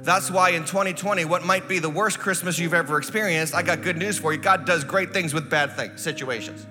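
A middle-aged male pastor preaching a sermon, telling stories and building to loud, emphatic preaching. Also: a little high, a little fast, in a large hall, music in the background.

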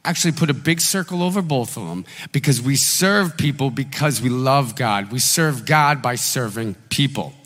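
A man preaching a sermon as pastor, telling a story in an animated, conversational way with acted quotes. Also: fairly high pitch, long reverb tail.

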